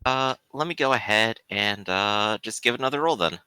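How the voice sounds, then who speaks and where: A man's voice: on the low side, moderate pace, bright, forceful tone, clean tone, dry recording. A man playing a tabletop role-playing game, chatting and describing his character's actions. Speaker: player. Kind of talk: tabletop role-play chat.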